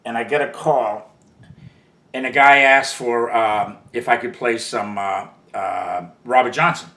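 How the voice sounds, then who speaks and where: Older male interview guest, veteran storyteller, rambling and salty, bright tone, echoey room. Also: mid-range voice, a little slow. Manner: rambling, profane, full of "you know" asides. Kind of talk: casual storytelling.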